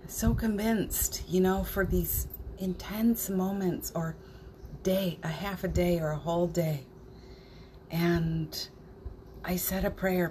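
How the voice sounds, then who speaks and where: Slow, tender woman hosting a morning stream. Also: lowish voice, fairly even intonation, slight background noise. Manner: warm, emotional, laughs and tears up. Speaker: host of a morning spiritual livestream. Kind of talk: casual spiritual chat reading viewer comments.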